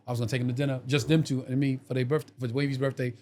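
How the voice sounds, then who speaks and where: A middle-aged man, co-hosting a podcast, tells a story in animated fashion, acting out other people's lines in streetwise, profane slang. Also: medium pitch, rapid-fire. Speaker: podcast co-host.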